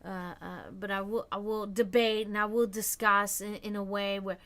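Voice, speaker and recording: A woman's voice: mid-range voice, flat delivery, normal speed, a bit bright. A woman hosting a casual livestream, chatting loosely with her viewers, full of fillers and restarts. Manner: chatty, answers chat comments, many fillers and restarts. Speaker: livestream host.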